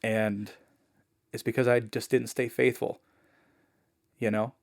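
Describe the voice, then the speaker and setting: A man guest on a podcast, telling a personal story in a casual, animated way, full of "like" and "man". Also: medium pitch, takes it slowly, creaky. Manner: animated, acts out the people he quotes; fillers like "man" and "like".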